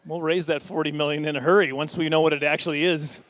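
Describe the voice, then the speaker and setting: A middle-aged man doing a stand-up comedy set at a fundraising dinner, rambling and self-deprecating, with quick asides and chuckles. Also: a little high, flat delivery, fairly bright tone.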